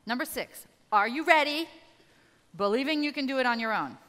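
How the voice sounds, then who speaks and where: A woman's voice: high-pitched, lively intonation, normal speed, pushed and bright, long reverb tail. A woman giving a live motivational talk, rallying the audience with direct questions. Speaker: motivational speaker.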